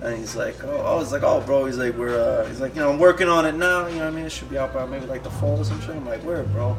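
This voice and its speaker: A man's voice: medium pitch, fast, noisy background. A podcast host in his thirties telling a rambling, profane anecdote in casual chat, laughing as he goes. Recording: distant mic with loud music behind. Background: music playing.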